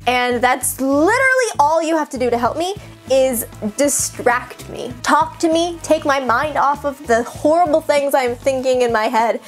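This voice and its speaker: A young woman talks straight to her camera, rambling and self-mocking, with a lot of "like" in every sentence. Her voice sits fairly high. Quiet music plays underneath. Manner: chatty, self-mocking, lots of "like". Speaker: vlogger. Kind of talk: casual talk to camera.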